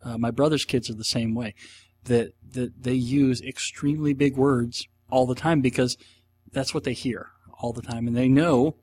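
A man's voice: mid-range voice, fairly even intonation, normal speed, darkish tone. A middle-aged man hosting a casual solo podcast, answering listener questions in a rambling, enthusiastic way with rhetorical asides.

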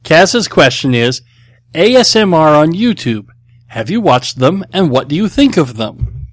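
A man's voice: fairly high pitch, big pitch swings, unhurried, no echo, clean studio sound. A middle-aged man hosting a podcast, answering listener questions in a casual, blunt, rambling way with many fillers. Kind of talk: casual chat.

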